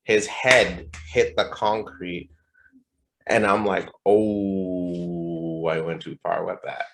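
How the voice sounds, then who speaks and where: A man's voice: low-pitched, level tone, slow, vocal fry. A young man co-hosting a podcast, telling a party story in a laid-back, slangy way, full of fillers and swearing. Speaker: podcast co-host. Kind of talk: casual storytelling chat.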